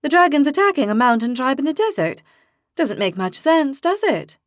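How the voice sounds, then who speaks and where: A woman narrator voicing a sharp-tongued young female rider with a blunt, quick-tempered manner. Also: sits high, very animated, no room sound, clean studio sound, pitched above the performer's own voice. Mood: puzzled.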